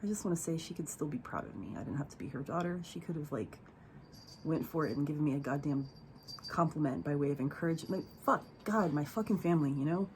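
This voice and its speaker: A woman's voice: low voice, expressive, fast talker, darkish tone, slight background noise. A young woman telling a candid personal story on her vlog, profane and emotional, rambling with fillers.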